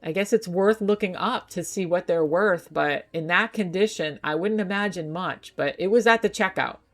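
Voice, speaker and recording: A woman's voice: lowish voice, moderate pace. Chatty woman thrift vlogger. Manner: chatty, enthusiastic, thinking aloud. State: out of breath while loading the car. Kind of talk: casual vlog chat. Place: indoors at home on a couch.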